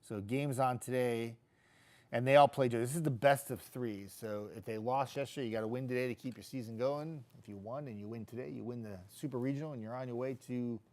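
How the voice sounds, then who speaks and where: A man's voice: mid-range voice, fairly quick, a little mellow. A middle-aged man, a TV weatherman hosting a casual live stream, chatting loosely with viewers and reading out their comments. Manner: chatty, loose, jokey, with frequent restarts.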